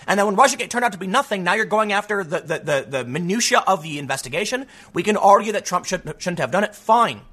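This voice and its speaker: Slightly rough and sitting high, this man's voice belongs to a political commentator hosting his show. He delivers an emphatic, opinionated monologue with lots of animation, performing quotes in others' voices.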